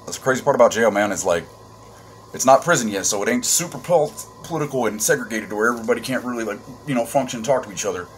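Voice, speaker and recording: Man, Arizona-raised, comic storyteller; wild pitch swings, loud-to-hushed shifts, profane. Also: rapid-fire, a little hiss or hum. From Arizona, USA. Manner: animated and profane, with sudden swings from loud bursts to hushed asides. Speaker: comedic storyteller. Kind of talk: casual comedic storytelling vlog.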